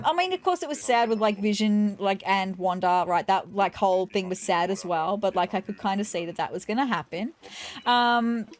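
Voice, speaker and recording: A woman gaming YouTuber chatting casually and digressively over her gameplay, laughing easily. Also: medium pitch.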